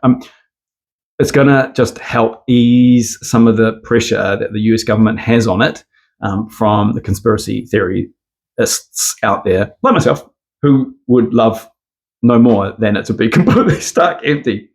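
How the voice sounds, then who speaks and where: A man's voice: lowish voice, measured pace, gravelly. A man delivers a casual opinion monologue in a rambling, swear-heavy style. He comes across as sarcastic and loose, with plenty of filler along the way. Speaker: commentator.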